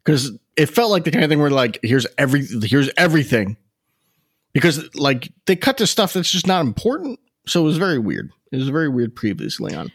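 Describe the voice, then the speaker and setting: Male podcast co-host, animated delivery, dry close sound. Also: on the high side, fairly quick, slightly rough, no echo. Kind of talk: casual podcast discussion.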